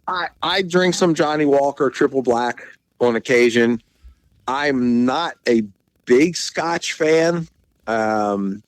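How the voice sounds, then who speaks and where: A man's voice: mid-range voice, poor audio. A middle-aged man from Maryland, a podcast guest chatting casually and telling rambling stories full of restarts. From Maryland, USA. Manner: rambling storyteller, many restarts and fillers. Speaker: podcast guest, bus seller. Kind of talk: casual chat.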